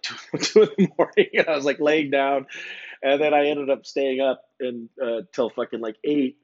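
A man talks in a loose, rambling monologue, tripping over restarts and dropping curse words as he goes. His voice sits in an ordinary middle pitch. The recording sounds a little dull and lo-fi. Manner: rambling, stammering restarts, heavy swearing, laid-back. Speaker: podcast host.

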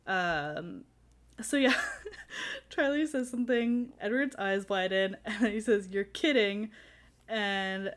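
A woman's voice: medium pitch, slow pace. A woman in casual podcast chat, recapping a book with lots of laughter and acted-out quotes. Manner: animated, laughing often, acts out quotes. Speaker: podcast co-host.

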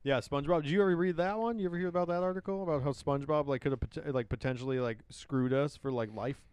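A man's voice: a little high, fast, a little mellow, clear, resonant tone, dry recording. Rambling, laughing man in his late twenties. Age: late 20s. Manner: laughing, rambling with many fillers. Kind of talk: casual chat.

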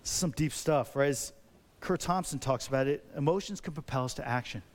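This pastor's sermon comes in a medium-pitched voice at a brisk clip. He talks to his listeners conversationally, leaning on plenty of rhetorical questions with lively, animated energy.

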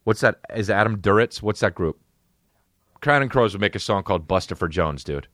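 A man hosting a comedy podcast, ranting excitably and swearing as he jumps between voices. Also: on the low side, fairly quick, no echo, clean studio sound. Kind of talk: profane comedic rant.

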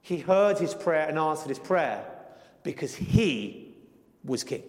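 Male pastor, sermon, high voice, earnest, shifting pace for emphasis, long hall reverb. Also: big pitch swings, slow. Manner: earnest, varies pace for emphasis, slips into playful voices for quotes.

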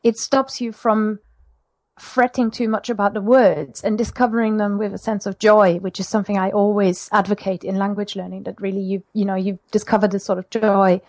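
A woman from Germany speaking as a podcast guest, a language teacher full of enthusiasm. She talks at a middle pitch, sprinkling in fillers, and sounds close and dry with no room echo. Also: level tone, normal speed, darkish tone. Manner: enthusiastic, chatty with many fillers. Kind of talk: casual podcast interview.

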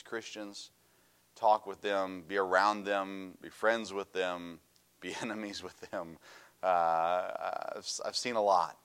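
A middle-aged man delivers a sermon in a low voice. He preaches in an animated way, telling stories with a laugh and swinging between loud emphasis and quiet asides. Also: clear, resonant tone.

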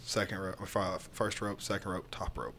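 A fairly low-pitched man chats loosely on a podcast about taking bumps in the ring. He rambles and restarts his sentences. A faint hiss of noise sits under his voice. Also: fairly even intonation, normal speed, fairly bright tone. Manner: rambling, candid storytelling with fillers and restarts. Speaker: pro wrestler guest. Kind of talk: casual podcast chat.

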